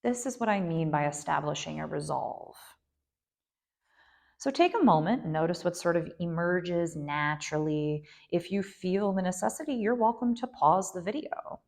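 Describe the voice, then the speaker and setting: A woman guiding a yoga nidra meditation in a gentle, unhurried way, with soft asides and frequent fillers. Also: lowish voice, gravelly. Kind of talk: guided meditation instruction.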